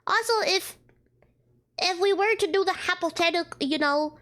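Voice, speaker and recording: A woman's voice: extremely high pitch, normal speed, fairly bright tone. A woman streaming a story game, reading the lines aloud and breaking off into exasperated comments.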